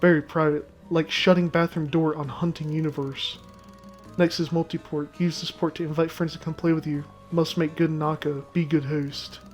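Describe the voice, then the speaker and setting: Brief: swaggering little cat deckhand, read aloud by a gamer, clipped broken phrasing, medium pitch. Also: little pitch movement, moderate pace, soft background music, close to an everyday voice. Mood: pompous. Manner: clipped pidgin phrasing sprinkled with Japanese words. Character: boastful male cat sailor, broken speech.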